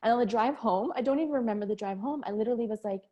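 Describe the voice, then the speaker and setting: A woman's voice: on the high side, very fast, few pauses, warm tone. A woman in her forties, a nurse and podcast guest, telling her story candidly and with feeling in a casual interview. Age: 40s. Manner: candid, emotional, laughs often.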